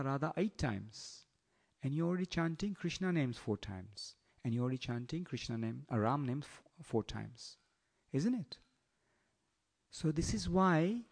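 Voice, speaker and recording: A man giving a storytelling sermon in an animated, teasing way, often asking his listeners questions. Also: on the high side, creaky. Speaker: preacher.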